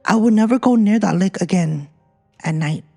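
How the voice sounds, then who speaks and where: A woman's voice: mid-range voice, normal speed, gravelly, mellow, husky, faint music behind. Woman host reading ghost stories. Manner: reads listener ghost stories, breaks into chatty asides. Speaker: podcast host. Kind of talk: casual storytelling podcast.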